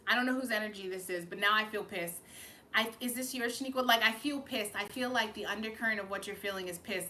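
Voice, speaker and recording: A woman's voice: medium pitch, fast, bright, forceful tone, slight background noise. A woman giving a live-streamed channeled reading, emotional and fighting back tears, rambling and swearing as she goes. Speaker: psychic reader hosting a live stream.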